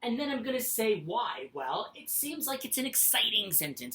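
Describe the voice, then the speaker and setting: A woman's voice: medium pitch, very animated, moderate pace, a bit bright, slight background noise. A woman teacher giving a recorded lesson, patient and sing-song, reading example sentences aloud with exaggerated expression. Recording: echoey room.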